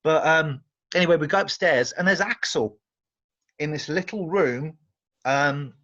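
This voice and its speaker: An English man, a guest musician, telling animated, rambling anecdotes in casual chat, often restarting his sentences. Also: fairly high pitch, unhurried, highs cut off.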